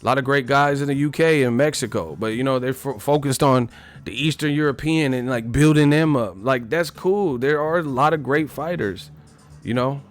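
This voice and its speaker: A man's voice: medium pitch, moderate pace. A man holds forth on a live stream in a blunt, emphatic rant, repeating himself and swearing freely. His voice sits mid-range, and faint music plays underneath. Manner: blunt, repetitive, emphatic, profane. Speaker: boxing commentator.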